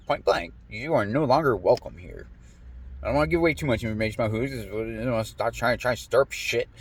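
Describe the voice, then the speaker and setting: Profane rambling man telling a story. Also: medium pitch. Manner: profane, animated, quotes people in raised voice. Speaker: podcast host.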